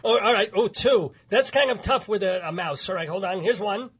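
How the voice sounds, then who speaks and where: A male radio host in casual interview chat, reacting quickly with laughs and apologetic asides. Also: high voice, expressive, loud music behind the voice.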